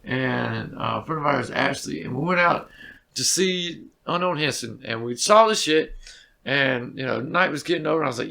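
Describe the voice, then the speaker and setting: A man's voice: medium pitch, expressive, moderate pace, vocal fry, pushed and bright. A man, a musician guest telling rambling stories in a casual interview, full of swearing and fillers.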